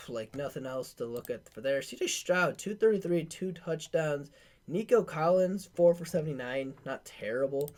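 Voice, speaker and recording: A man's voice: a little high, a little mellow. A man hosting a casual sports podcast, rattling off game stats with slangy filler words and loose asides. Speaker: podcast host.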